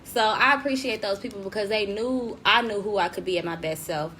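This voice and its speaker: Young woman host, casual livestream chat, slangy and animated, faint background hiss. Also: mid-range voice, fairly quick. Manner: lively, slangy, laughs often, addresses viewers directly. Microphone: desk mic.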